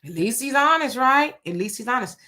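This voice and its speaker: A woman's voice: a little high, animated, a little fast, sharp tone. A woman hosting a casual livestream, chatting loosely and greeting viewers by name as she reads their comments. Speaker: livestream host.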